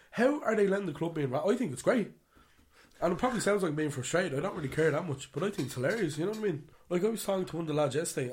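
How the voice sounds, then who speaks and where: A man co-hosting a casual football chat podcast, his voice sitting a touch high for a man. He rants with lively swings in pitch, jumping between loud outbursts and low muttered asides. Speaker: podcast co-host.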